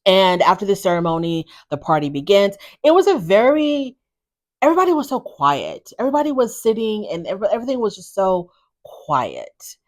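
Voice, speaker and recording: A woman's voice: medium pitch, very animated, fairly quick. A woman hosting a casual reality TV recap, blunt and gossipy in her opinions.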